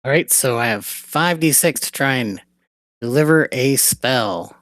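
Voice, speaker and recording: A man at a tabletop game speaks slowly as he thinks aloud about which spell to roll. His voice is plain and close, with a dry sound. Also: mid-range voice, lively intonation, fairly bright tone, no room sound. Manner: deliberating aloud over dice. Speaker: player.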